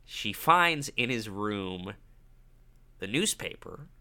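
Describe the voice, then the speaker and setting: A young man retells a film's plot in relaxed, wry conversation and keeps breaking into laughter. His voice sits low yet sounds bright and forward. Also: slow pace. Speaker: podcast co-host. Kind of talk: casual movie recap chat.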